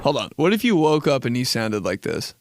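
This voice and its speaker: Animated young man riffing on a podcast. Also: medium pitch, a little fast, very noisy. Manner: animated, mimics voices, swears freely. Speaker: podcast host. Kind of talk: solo comedy podcast riff.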